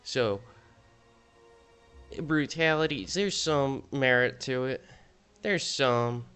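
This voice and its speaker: A man's voice: mid-range voice, sharp tone, clear, resonant tone. A man putting on a Southern US accent to play a boastful, pompous self-styled intellectual in a comedic gaming video. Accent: Southern US (put on). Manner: pompous, drawling mock-serious pronouncements. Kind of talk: comedic put-on voice in gaming commentary.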